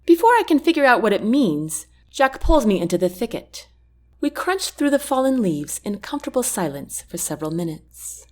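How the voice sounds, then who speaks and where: Woman, audiobook narrator, romance, expressive, animated pitch. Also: normal speed. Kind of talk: first-person romance narration.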